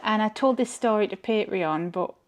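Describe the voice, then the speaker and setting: A woman's voice: medium pitch, normal speed, slight background noise. A woman with a Geordie accent, chatting frankly to camera as a tarot reader and rambling as she goes. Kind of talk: casual chat to camera.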